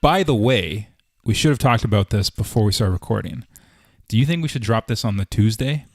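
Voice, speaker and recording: A man's voice: fairly low pitch, lively intonation, a little fast, no echo, studio quality. A man in his thirties from Canada, co-hosting a casual podcast and rambling with fillers and restarts. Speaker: podcast co-host. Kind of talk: casual chat.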